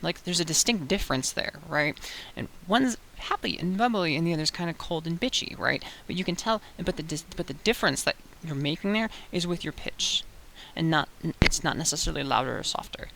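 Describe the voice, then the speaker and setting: A young woman giving a casual voice-training tutorial, chatty and loose, with fillers and quick self-corrections. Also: sits low, expressive, vocal fry, a bit bright. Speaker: voice coach. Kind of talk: casual tutorial talk to camera. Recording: faint hiss.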